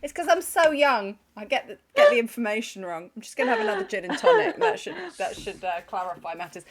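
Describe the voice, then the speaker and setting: A female comedy host in loose, giggly banter with her guest. Her pitch sits a touch high and swoops about a great deal as she teases and reads out suggestions from the chat. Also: very animated, quick pace, a crowd in the background.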